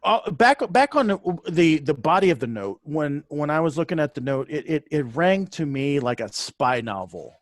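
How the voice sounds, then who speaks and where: A man's voice: fairly high pitch, sing-song, normal speed, hardly any pauses, no room sound, clean studio sound. A man co-hosting a true-crime podcast, chatting with wry humor and stumbling over repeated words. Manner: stammering restarts, wry humor. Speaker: podcast co-host. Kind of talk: casual true-crime chat.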